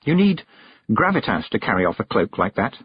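Man voicing a bright, eager young girl witch, high and lively, husky, dull lo-fi sound. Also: brisk. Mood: earnest.

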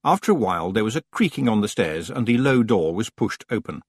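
Man, audiobook narration, husky voice, lively pitch. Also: brisk, no room sound, clean studio sound. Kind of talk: scripted narration.

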